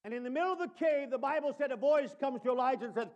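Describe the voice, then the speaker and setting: A man preaching a sermon in a notably high voice. He calls out to listeners as brother. He drops to near-murmured asides, then rises to shouted emphasis. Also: racing. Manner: swings between quiet asides and shouted emphasis; addresses listeners by name as brother.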